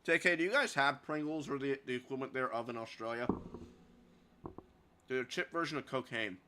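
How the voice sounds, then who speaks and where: A man's voice: medium pitch, a little fast, pushed and bright, a little hiss or hum. A man chatting casually and jokingly, swearing freely while playing a visual novel with a friend.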